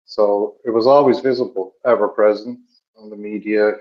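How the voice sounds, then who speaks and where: A middle-aged man from Dublin with an Irish accent, telling stories in a measured, reflective way with many pauses. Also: on the low side, fairly even intonation. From Ireland. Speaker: podcast co-host. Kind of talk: reflective storytelling chat. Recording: dull lo-fi recording.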